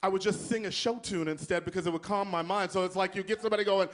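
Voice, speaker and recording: A man's voice: high voice, quick pace, hardly any pauses, slight background noise. A man from Texas doing a live stand-up set, telling stories in a sassy, flamboyant way with asides to the crowd. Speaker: stand-up comedian.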